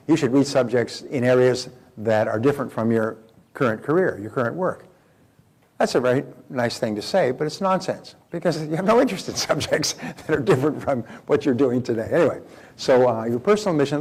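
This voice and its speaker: A man's voice: medium pitch, darkish tone, husky. An older man giving a motivational lecture to a seminar audience, telling rambling anecdotes in a conversational way and often repeating phrases. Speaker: motivational speaker.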